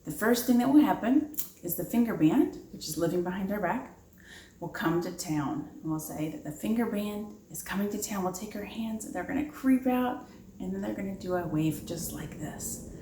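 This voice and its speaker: A woman's voice: mid-range voice, expressive, normal speed, mellow. A children's librarian leading a preschool storytime, upbeat and chatty, asking the little ones questions as she explains. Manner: upbeat, talks to young children, asks questions. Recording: echoey room with background noise.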